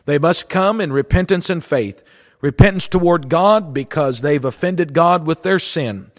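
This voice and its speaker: Forceful preacher man, long reverb. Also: on the high side, measured pace. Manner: forceful, dogmatic preaching with emphatic repetition. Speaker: pastor and radio program host. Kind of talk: broadcast sermon.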